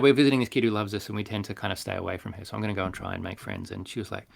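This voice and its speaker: A man's voice: mid-range voice, racing, gravelly. An Australian man, a clown doctor and performer, casually telling stories on a podcast and acting out the voices of people in them. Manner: animated, acts out quoted voices in stories. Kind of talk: casual conversational storytelling.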